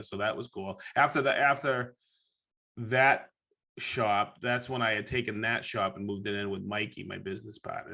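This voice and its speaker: Man, podcast host, bright and forceful, casual storyteller, profane, acts out his reactions. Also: mid-range voice, vocal fry.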